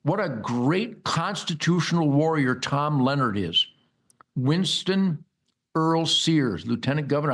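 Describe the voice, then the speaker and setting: An older American man holds forth in a rambling monologue, bombastic and mocking. His voice sits somewhat high for a man and leaps upward in loud bursts when he gets going. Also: husky. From United States. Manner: bombastic, mocking, loud rants with sudden high-pitched outbursts. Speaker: host.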